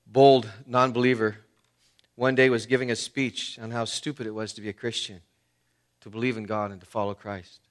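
A male pastor preaching a sermon in a church. He talks in a conversational way with fillers, swinging between loud emphasis and hushed tones. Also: medium pitch. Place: church sanctuary.

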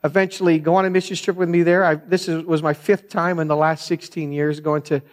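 A middle-aged man preaches in a casual, storytelling sermon style. He drifts into side points and keeps calling his listeners "man". His voice sits a little on the high side. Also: little pitch movement, a little fast. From France. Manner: chatty, digressive, says "man" a lot. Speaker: pastor.

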